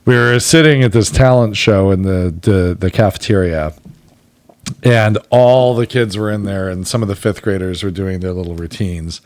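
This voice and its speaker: A man's voice: deep voice, moderate pace. A man co-hosting a podcast, talking casually and reflectively, near tears as he gets sentimental. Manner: reflective, gets choked up and emotional. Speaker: podcast co-host. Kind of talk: casual chat.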